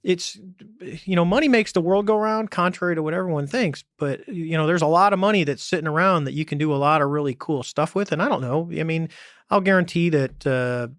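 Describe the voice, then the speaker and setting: Brisk and on the high side, a former navy pilot talks bluntly as a guest on a podcast in casual conversation. Animated in his storytelling, he voices the quoted dialogue himself. There's no echo, just clean studio sound.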